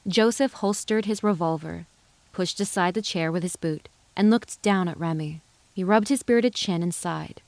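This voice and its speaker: A woman reading a western novel aloud as narrator, in an even, measured storytelling voice. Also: fairly low pitch, no echo. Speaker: audiobook narrator. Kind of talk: scripted narration.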